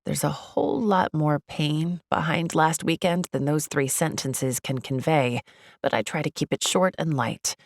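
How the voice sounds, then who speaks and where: A woman narrating a first-person audiobook in an expressive, upbeat way on a close studio mic. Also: low-pitched, a little slow, no room sound.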